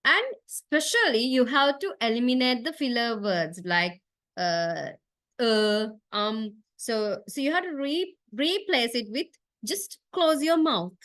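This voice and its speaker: A woman teaches a university class in a fairly high voice, recorded dry with no room echo. She explains point by point, fills pauses with uh, and checks in with a questioning "right?". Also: a bit bright. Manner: frequent uh fillers and tag question right?; explanatory, step by step. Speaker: university lecturer. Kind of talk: classroom lecture.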